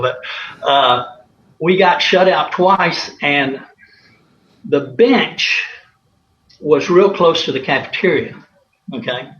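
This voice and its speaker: A man's voice: medium pitch, fairly bright tone. A man, a former college athlete, telling anecdotes in a rambling way with many fillers and chuckles. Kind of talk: casual storytelling interview. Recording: roomy, slightly dull, faint hiss.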